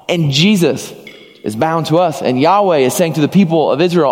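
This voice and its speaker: High-voiced preacher in a echoing hall. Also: male voice, normal speed, darkish tone. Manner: earnest preaching, acting out little dialogues. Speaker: pastor. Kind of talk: sermon.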